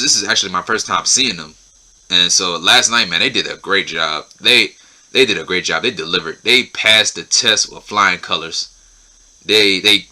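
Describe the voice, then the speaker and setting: A young man talks through a wrestling show he watched, his voice sitting a bit low but ringing very bright. He restarts phrases and repeats himself as he gets excited. It is a loose, casual solo recap. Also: low-quality recording. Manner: repetitive, restarts phrases, enthusiastic.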